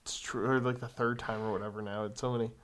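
A young man co-hosting a casual chat show, reading out viewer questions in a relaxed, drawling way with fillers. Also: mid-range voice, quick pace.

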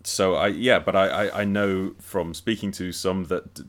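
Deep-voiced man in a halting podcast chat. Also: steady tone. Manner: thoughtful, halting, many restarts and repeated words. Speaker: podcast co-host. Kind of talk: casual podcast discussion.

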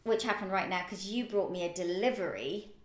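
A woman's voice: medium pitch, brisk. A woman co-hosting a local podcast in casual, upbeat chat that wanders with fillers. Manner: chatty, upbeat, rambling with fillers. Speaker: podcast co-host. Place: office or shared workspace. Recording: roomy echoey room.

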